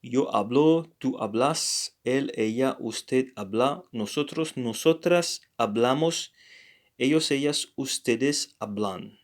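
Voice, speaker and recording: A man's voice: medium pitch, takes it slowly. A man teaching a language lesson, hesitant, with many fillers and self-corrections. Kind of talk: casual spoken lesson, reading examples aloud.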